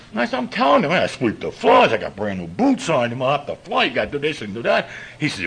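An older man, telling profane stories to a laughing recovery-meeting audience in a gruff voice. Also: huge pitch swings, fast. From New York. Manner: gruff and profane, with big swings in pitch and loudness. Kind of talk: storytelling talk to a live audience.

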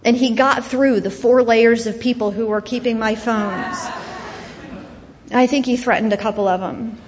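A grieving woman tells her story earnestly as a guest speaker, her voice sitting a little high. The sound is somewhat dull and muffled. A long reverb trails off behind her in a large hall. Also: fairly even intonation, moderate pace. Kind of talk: personal testimony talk.

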